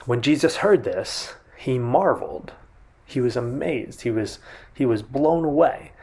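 A man's voice: medium pitch, animated, unhurried, darkish tone, breathy edge. A man preaching a sermon in a conversational way, often restarting and retelling a scene vividly. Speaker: pastor.

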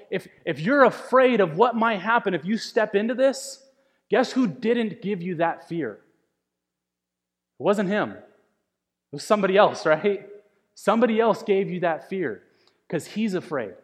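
A man's voice: high voice, animated, unhurried. Man preaching in a reverberant hall. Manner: conversational, repeats words, builds to emphatic peaks. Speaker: pastor. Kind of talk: sermon.

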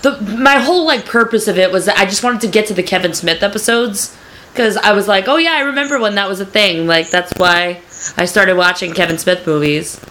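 Bright-voiced New woman rambling. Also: mid-range voice, fairly quick. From New York. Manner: rambling, heavy use of "like". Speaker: podcast host. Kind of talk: casual podcast chat. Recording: echoey room, faint noise.

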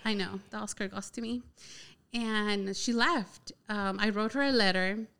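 Young woman guest, smooth clear voice, chatty storyteller who leans on "like" constantly. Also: mid-range voice, unhurried. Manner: chatty, heavy use of "like" filler, animated retelling. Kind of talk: casual personal storytelling.

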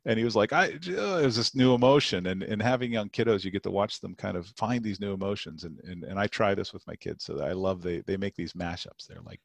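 A man in his thirties, a coach talking through ideas on a podcast interview, animated and repeating himself as he tells stories. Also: fairly low pitch, fast, vocal fry, hardly any pauses, no echo. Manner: animated storyteller with frequent restarts.

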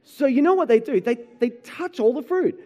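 A man preaching a sermon, telling animated stories about his children and often asking the room "right?". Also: very high-pitched, normal speed. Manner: animated storytelling, acts out his kids and himself, frequent "right?". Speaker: pastor.

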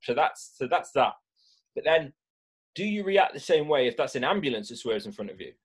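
A man talking as a mindfulness speaker, explaining the brain's stress response in a lively way and acting out reactions with gasps. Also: medium pitch, brisk, slightly rough. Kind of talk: animated explanatory talk.

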